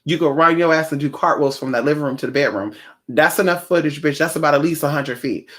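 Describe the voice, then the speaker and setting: Indoors at home, a vlogger who practices spirituality chats casually, rambling in a sassy, profane way. Her mid-range voice is quick and fairly bright.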